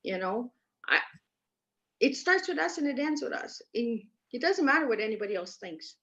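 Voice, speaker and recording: A woman's voice: on the high side, very animated, moderate pace, a bit bright. Earnest Canadian woman on dull lo-fi audio. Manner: earnest, emphatic, repeats herself for stress. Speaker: guest. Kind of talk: personal story in a podcast interview. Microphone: remote call.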